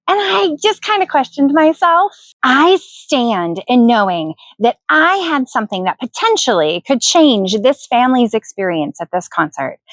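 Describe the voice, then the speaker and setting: A woman's voice: high voice, dry recording. A middle-aged woman vlogger telling a personal story to camera in an earnest, reflective way, ending with questions to the viewer.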